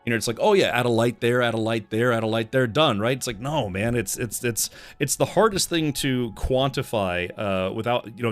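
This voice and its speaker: A man's voice: on the low side, a bit bright. A man hosting a livestream, talking casually in a rambling, chatty way and often restarting his sentences. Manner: rambling, self-interrupting, chatty. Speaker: livestream host.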